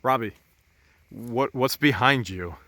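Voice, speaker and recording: Bright-voiced excitable man vlogging outdoors. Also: mid-range voice, slow pace. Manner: excitable, often hushed to a whisper. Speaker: vlog host. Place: outdoors by a swamp.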